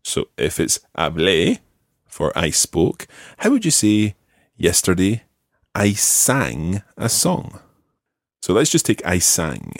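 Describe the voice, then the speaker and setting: A man's voice: low-pitched, wildly swooping pitch, takes it slowly, no room sound, studio quality. A man teaching Spanish one to one, patient, repeating each word for his student. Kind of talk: one-to-one language lesson.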